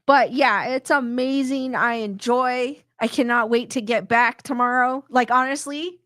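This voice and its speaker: Middle-aged lady chatting on a stream, rambly, keeps restarting, bit high pitched. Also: fairly even intonation, unhurried, a bit bright, dry recording, clean studio sound. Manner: reads viewer comments aloud. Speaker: host reading chat comments. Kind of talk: casual live-stream chat.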